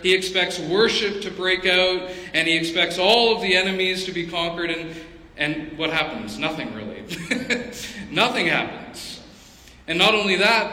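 A man preaching as a pastor in an expository sermon, conversational and animated, with personal asides. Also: a little high, slight background noise. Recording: echoey hall with long reverb.

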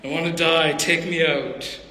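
Man as despairing prophet, weary, self-pitying, pleading, bright voice, ringing hall. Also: fairly high pitch, fairly even intonation, a little slow. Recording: echoey hall with long reverb.

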